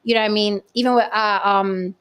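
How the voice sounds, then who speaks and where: Woman actress chatting loose, cusses a lot, animated, mid-pitched voice. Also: fairly quick, clean tone. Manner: animated, swears freely, acts out voices. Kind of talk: casual chat.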